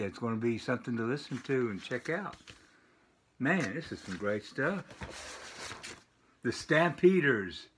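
An older man casually showing off a package of vinyl records, rambling with lots of filler pauses. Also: medium pitch, breathy edge. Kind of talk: casual unboxing vlog. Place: home with dogs barking nearby.

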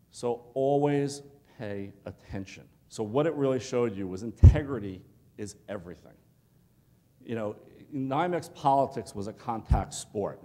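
A man in his fifties speaking to a student crowd in a large hall, and his voice trails off in a long reverb. He talks at a middle pitch and brings his stories to life by acting out the people in them. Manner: animated storytelling with acted-out quotes. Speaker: motivational speaker. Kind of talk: leadership talk to a student audience.

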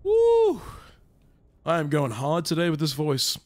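A man's voice: fairly high pitch, fairly even intonation, brisk, fairly bright tone. A young man from California chatting casually with his live-stream audience, laid-back and talkative. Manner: laid-back, chatty, reads and answers chat. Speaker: game streamer.

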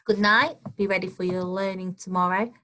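A woman teacher reading a storybook aloud to children, expressive and gentle, pausing to explain the story. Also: mid-range voice, a little hiss or hum, low-quality recording. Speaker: primary school teacher.

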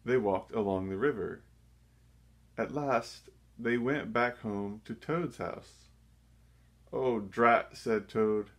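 Man, children's read-aloud, gentle, measured, lowish voice. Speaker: storybook reader.

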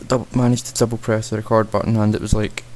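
A young gaming channel host speaks quickly in a fairly low, level, slightly mellow voice, with a little hiss or hum on his computer mic. He rambles through casual let's-play commentary, making self-mocking jokes and talking to himself while he plays.

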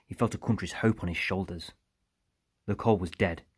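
Male audiobook narrator, deep husky voice, dry close sound, steady telling. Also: moderate pace, no echo. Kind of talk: scripted narration.

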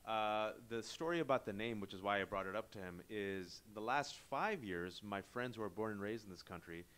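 A man interviewing an author at a live bookstore event, talking in a lively conversational way with joking asides and quick digressions. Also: on the low side.

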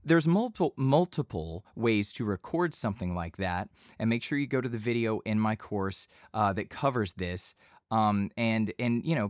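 Man, lowish voice, voice-over teacher, chatty and loose, dead-dry home booth. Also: dry recording. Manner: relaxed, talkative, repeats himself with fillers. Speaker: voice-over instructor. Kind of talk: casual tutorial explanation. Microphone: studio microphone.

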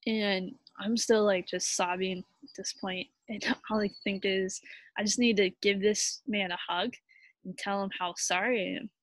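A young woman telling a personal story in a halting, heartfelt way, full of fillers and restarts, sounding tired. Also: medium pitch, steady tone, no room sound. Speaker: vlogger.

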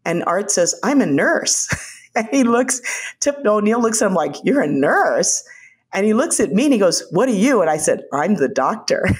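An older woman, a former White House physician, telling lively stories as an interview guest and laughing often. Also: mid-range voice, breathy edge. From United States. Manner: animated anecdotes, quick quoted voices, laughs often. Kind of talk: conversational storytelling.

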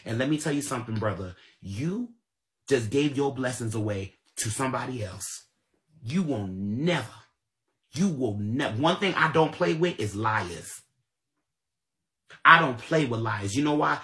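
Man, AAVE, livestream rant, confrontational, repetitive, profane, mid-pitched voice. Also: lively intonation, unhurried, sharp tone. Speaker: livestream commentator. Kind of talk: ranting livestream commentary.

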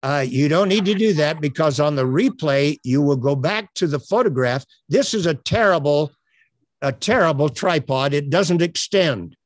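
An older man coaching on elevator pitches in an online presentation, earnest and promotional, with many uhs. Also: expressive, moderate pace, no echo. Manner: filler-heavy, earnest, promotional. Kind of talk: webinar presentation. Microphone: webcam on a tripod.

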